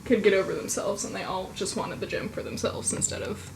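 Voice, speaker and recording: A woman's voice: mid-range voice, fairly even intonation, brisk. Chatty woman cohost, casual chat, faint hiss behind her. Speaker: podcast co-host.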